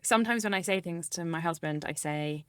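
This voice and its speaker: A woman in her thirties from the West Country of England, with a West Country accent, co-hosting a podcast in a lively, conversational way and laughing easily. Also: fairly low pitch, a little fast. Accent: West Country English. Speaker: podcast co-host. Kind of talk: casual chat.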